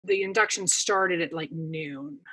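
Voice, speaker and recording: A woman's voice: fairly low pitch, wildly swooping pitch, a little slow, gravelly, pushed and bright, slightly rough. A woman in her thirties, a podcast guest, telling a long story in casual chat with plenty of fillers. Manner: chatty storytelling with many fillers.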